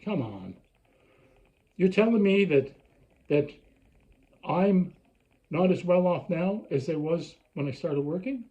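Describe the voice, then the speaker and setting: A man's voice: on the high side, lively intonation, slow, long pauses, dark tone, lo-fi sound. An older man from Canada delivering an angry, sarcastic ranting monologue, often mocking others in put-on voices. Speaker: vlogger.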